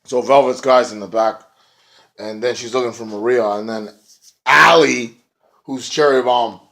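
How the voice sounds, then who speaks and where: A man's voice: mid-range voice, fairly even intonation, measured pace, gravelly, a bit bright. A young man reviewing a wrestling show in loose, rambling chat with lots of swearing and fillers. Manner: rambling, profane, filler-heavy. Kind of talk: casual chat.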